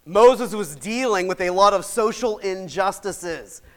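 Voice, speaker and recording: A man preaching a sermon in a folksy, chatty way, laughing often and swinging from shouts to soft asides. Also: high-pitched, unhurried. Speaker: pastor.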